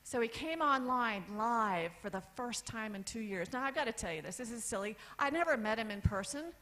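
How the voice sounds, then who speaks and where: A woman in her fifties from the United States telling a personal story on stage, candid, with lists and pauses for effect. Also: fairly high pitch, expressive, sharp tone, poor audio. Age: 50s. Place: event stage.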